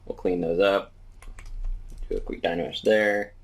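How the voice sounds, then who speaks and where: A man teaching 3D modeling, calmly talking through each step as he works in a screen-recorded tutorial. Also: deep voice, measured pace. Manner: relaxed step-by-step explaining while working. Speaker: 3D modeling instructor.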